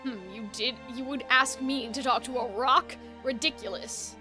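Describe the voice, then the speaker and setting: A woman's voice: a little high, moderate pace, bright, forceful tone, soft background music, pitched below the performer's own voice. A woman voicing a proud, scornful young man who speaks with haughty disdain in a game read-aloud.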